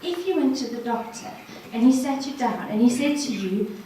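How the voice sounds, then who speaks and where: A woman's voice: a little high, animated, brisk, warm tone, slight background noise. A woman giving an earnest, encouraging personal testimony to a ladies' gathering, speaking straight to the audience. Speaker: guest speaker. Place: hall at a ladies' social evening. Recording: echoey room from far off.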